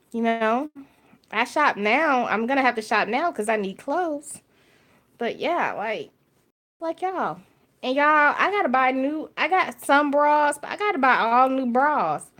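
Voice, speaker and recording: A woman's voice: high voice, a bit bright. A woman with a Southern US accent chatting casually to her viewers from her makeup table at home. She talks candidly, jokes, and keeps addressing her audience directly. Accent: Southern US, Alabama. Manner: candid, joking, talks straight to viewers as y'all. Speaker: vlogger. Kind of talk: casual chat to camera.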